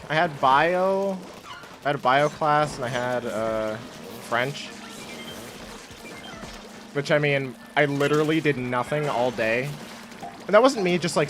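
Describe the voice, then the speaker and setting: A man's voice: a little high, normal speed, a bit bright, soft background music. A young man from Canada chatting casually on a game live stream, rambling and self-mocking, laughing often. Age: young adult.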